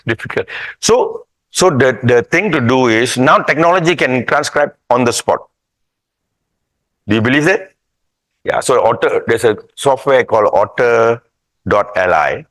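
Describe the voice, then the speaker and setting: A man's voice: fairly low pitch, fairly bright tone, no echo, low-quality recording. A man giving a casual, rambling lecture at a workshop, often checking that the audience follows him. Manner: rambling, conversational, with restarts and asides. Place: hotel workshop room.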